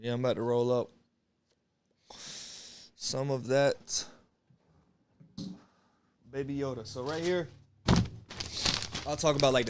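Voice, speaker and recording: Against a noisy background, a young man with a medium-pitched voice chats casually on his livestream. The streamer rambles in a laid-back, slangy way, swears frequently and greets viewers as he goes.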